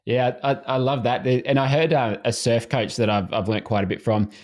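A man's voice: mid-range voice, a little fast. A man, a swimming coach speaking as a podcast guest in an easygoing, casual way. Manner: relaxed, easygoing, frequent restarts.

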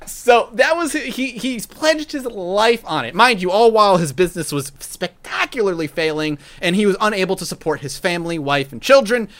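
A podcast host spins a history tale in loose, casual chat. The delivery is sarcastic and mocking, and the pitch swings widely and animatedly from phrase to phrase. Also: lively intonation, moderate pace, few pauses, a bit bright.

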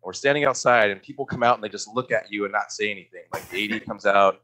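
Bright-toned man telling a halting story. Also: lowish voice, slight background noise, rough recording. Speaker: guest, former stand-in. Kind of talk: casual podcast chat.

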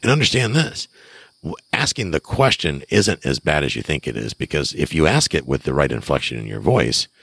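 Very deep husky-voiced man. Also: very animated, a little fast, fairly bright tone, dry recording. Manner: enthusiastic, emphatic, acts out conversations. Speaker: real estate investor and podcast host. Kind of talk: casual advice monologue.

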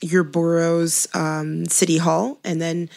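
In a casual chat, a woman from Canada speaks English with a French accent that drifts among Quebecois, Franco-Ontarian and Parisian, laughing and frequently starting over. Her voice is lowish, slow and a little mellow, with flat delivery and vocal fry.

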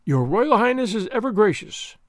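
A rigid old countess speaks with icy, stiff formality, her voice pitched high, as a storyteller puts her on. The reading sounds close and dry. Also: sing-song, moderate pace, no room sound. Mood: frigid.

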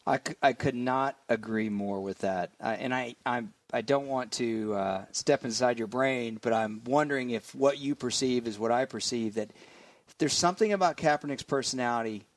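A man's voice: medium pitch, moderate pace, no room sound. A man with a Southern US accent, talking easygoing and self-deprecating as an analyst on a sports panel. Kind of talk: casual sports panel talk.

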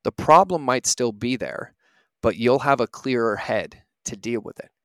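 A man's voice: medium pitch, lively intonation, normal speed, a bit bright, no echo. A man in his thirties, a podcast host, giving an earnest, reflective motivational talk and often asking "right?".

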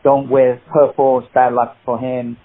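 Over a tinny line that sounds like a phone, an older actor and martial artist from the UK shares animated stories in an interview, voicing the people in them and chuckling at his own jokes. His husky voice sits mid-range, and he keeps a measured pace.

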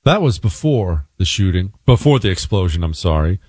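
A man's voice: deep voice, very animated, moderate pace, darkish tone, breathy edge, no room sound. A man hosting a talk radio show, speaking conversationally and often stopping to correct himself.

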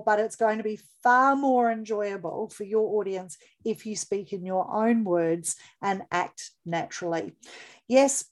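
A woman's voice: mid-range voice, a little mellow. A woman co-hosting a podcast, chatty and upbeat as she gives business tips. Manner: chatty and upbeat, laughs easily. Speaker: podcast co-host. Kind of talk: casual podcast chat giving business tips.

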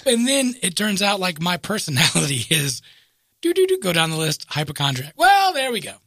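Middle-aged man, bright and forceful tone, dry close sound, self-mocking storyteller. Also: high voice, normal speed, vocal fry, no room sound. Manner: animated, self-mocking, voices others in quotes. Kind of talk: casual storytelling.

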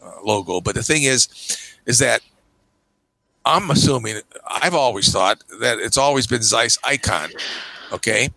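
Older male podcast guest: gravelly, bright, dry close sound, emphatic chatty anecdotes. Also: unhurried, no room sound, low-quality recording. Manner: emphatic storyteller with lively pitch jumps and frequent "okay"s. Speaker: podcast guest, camera magazine publisher. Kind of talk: casual podcast chat.

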